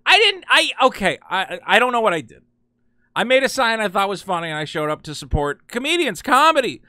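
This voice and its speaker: A man hosting a casual commentary vlog, talking in an excitable, rambling, exasperated way. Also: sits high, brisk, no room sound, clean studio sound. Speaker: channel host.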